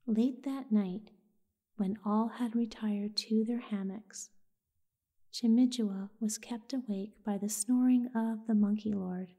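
A woman telling a sleep story in a soft, soothing whisper. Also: a little high, steady tone, takes it slowly.

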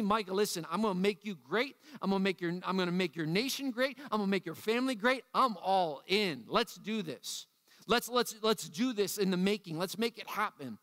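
A man preaching a youth sermon as pastor, energetic and acting out the voices he quotes. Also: high-pitched, big-room sound.

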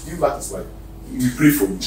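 Emphatic Nigerian pastor in an echoey hall. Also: male voice, mid-range voice, lively intonation, fast talker. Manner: emphatic preaching, swinging from shouts to near-whispers. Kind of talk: sermon. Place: church hall. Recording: echoey hall, distant mic, faint noise.

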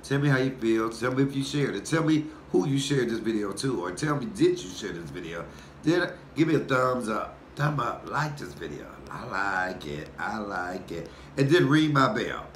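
A man, a comedian vlogger, doing a profane, animated casual rant for his viewers. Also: fairly low pitch, normal speed. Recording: echoey room with faint noise.

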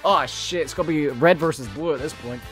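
A game streamer giving profane live commentary, shouting and laughing at the game. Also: medium pitch, a little fast, soft background music.

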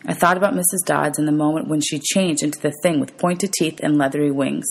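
A woman's voice: sits low, steady tone, fairly quick, husky. A woman teacher reading a novel aloud for students, steadily narrating and calling out page numbers.

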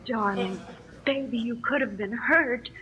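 A woman's voice: fairly high pitch, a little slow, sharp tone, slight background noise, low-quality recording. An actress playing a frightened young mother, anxious and pleading, on an old film soundtrack heard in a live theater. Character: frightened young mother searching for her child.

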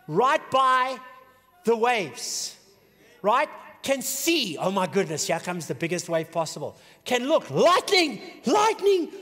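A male pastor preaching a sermon in an animated way, swinging between shouted peaks and hushed, low passages. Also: long reverb tail. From South Africa. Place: church auditorium.

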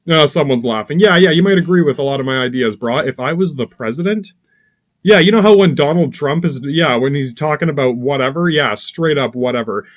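A man's voice: mid-range voice, dry recording. A man hosting a podcast in a casual, profane rant, rambling with many restarts, asides and curses. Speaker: podcast host.

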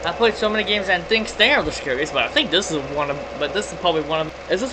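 A man playing a horror game, reacting excitably with swearing, startled outbursts and laughs, from a dark bedroom. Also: high-pitched, fast, few pauses, background noise. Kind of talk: casual let's play commentary.

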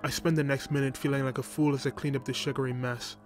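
A man narrates a first-person horror story in a flat, even voice that barely rises or falls. His pitch is ordinary for a man. Music runs underneath the whole reading. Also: fast.

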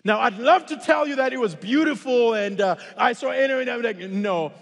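A man from Africa preaching a sermon in a church auditorium, with animated, expressive storytelling. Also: extremely high pitch, brisk, vocal fry. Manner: animated and expressive, acting out dialogue, then earnest in the closing challenge. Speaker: guest pastor. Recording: long church-hall reverb.

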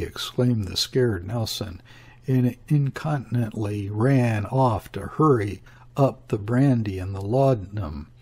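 A man narrating a classic novel as an audiobook, measured and even. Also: mid-range voice, slightly rough.

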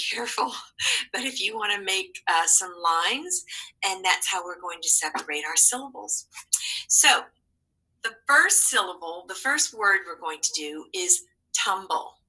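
A woman's voice: mid-range voice, pushed and bright, breathy edge, rough recording. A woman teaching a phonics and spelling lesson to young children, encouraging and patient with sing-song prompts.

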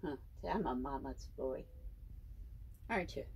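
A woman in her seventies at home, talking to her pet snake in a high, sing-song baby-talk voice and laughing often. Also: animated, normal speed, darkish tone, a little hiss or hum. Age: 70s. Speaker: snake owner. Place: indoors at home.

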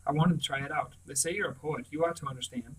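A man's voice: fairly high pitch, fast, husky. Man reading as a clever boy feigning innocence, earnest, storybook voice, far from mic. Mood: innocent. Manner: earnest, plays the fool. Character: quick-witted English schoolboy playing innocent.

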